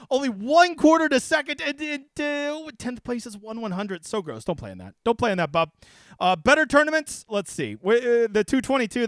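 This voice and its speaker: A man hosting a casual fantasy sports picks breakdown, brash, profane and excitable as he talks to the viewer. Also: high-pitched, no room sound, studio quality. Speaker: daily fantasy sports analyst and host.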